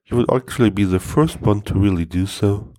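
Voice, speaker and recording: A man's voice: fairly low pitch, brisk, warm tone, no room sound. A man hosting a comedy show, reading jokes with a dry, matter-of-fact delivery.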